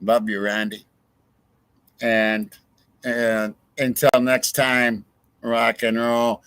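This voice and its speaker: A man's voice: mid-range voice, little pitch movement, drawn-out words, pauses often, fairly bright tone, smooth, no room sound. A man hosting a true crime livestream, ranting in a heated, profane way to his viewers. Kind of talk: casual livestream commentary.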